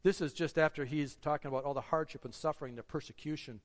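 Man, sermon, earnest exhortation, slightly high voice, long hall echo. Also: fairly even intonation, fast. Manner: earnest, exhorting, with rhetorical questions. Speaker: preacher.

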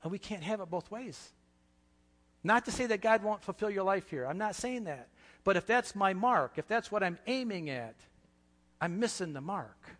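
A man's voice: sits high, animated, normal speed. Impassioned male preacher in a reverberant hall. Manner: impassioned, swings from hushed to loud. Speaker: pastor. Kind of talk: sermon.

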